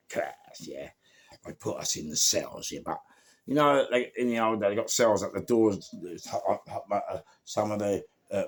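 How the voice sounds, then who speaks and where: A middle-aged man with a London accent, telling his life story in an animated, rambling way, full of street slang and acted-out quotes. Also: deep voice, creaky, husky. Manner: acts out other people's lines, laughs at his own story.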